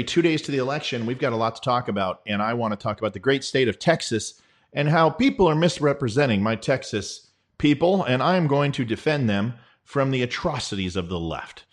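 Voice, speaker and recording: A man hosting a casual online politics show, joking and telling folksy stories at a desk mic. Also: mid-range voice. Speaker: host.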